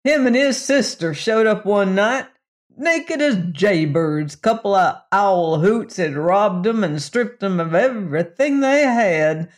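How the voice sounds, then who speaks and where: A man's voice: sits high, lively intonation, slow pace, pitched above the performer's own voice. A man doing a drawling folksy western sheriff. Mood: folksy storytelling. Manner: drawling rural western dialect.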